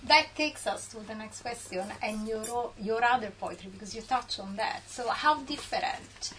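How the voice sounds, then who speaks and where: Soft-spoken woman host, distant and noisy. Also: on the high side, normal speed. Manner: soft, hesitant, murmurs agreement. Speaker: event host. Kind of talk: moderating a panel discussion. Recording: noisy recording from far from the mic.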